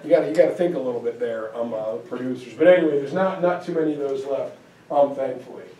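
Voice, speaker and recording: A man's voice: medium pitch, quick pace, dark tone. A man giving a casual classroom history lecture, talking conversationally with lots of fillers and check-ins with his audience. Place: lecture room. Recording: echoey room from far off.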